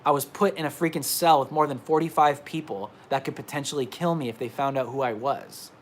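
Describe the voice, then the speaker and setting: A man's voice: medium pitch, a little fast, a little hiss or hum. A man reporter ranting emphatically in a livestream monologue from indoors at his laptop, repeating himself. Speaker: independent reporter.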